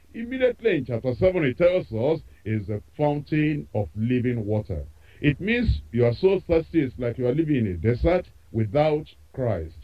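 A man's voice: fairly high pitch, muffled recording. A man preaching a sermon with an emphatic, repetitive cadence.

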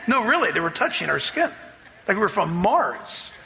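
Man, pastor, sermon, animated storytelling, very bright voice, long hall reverb. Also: high-pitched, normal speed, creaky, a little hiss or hum. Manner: animated, rising to near-shouts in the story. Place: church sanctuary.

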